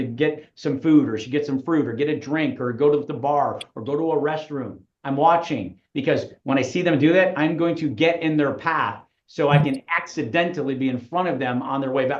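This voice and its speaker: Guy recruiter teaching how to work a room, does the voices of people he meets, kinda roomy dull audio. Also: mid-range voice. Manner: acts out little dialogues with lively voices. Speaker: recruiter giving networking tips. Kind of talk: webinar talk.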